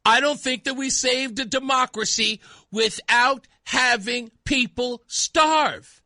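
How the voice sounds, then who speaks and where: High, bright, sarcastic radio host man. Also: slow, no room sound, studio quality. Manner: sarcastic, mocking, bursts into shouting. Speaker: radio talk show host. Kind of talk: talk radio commentary.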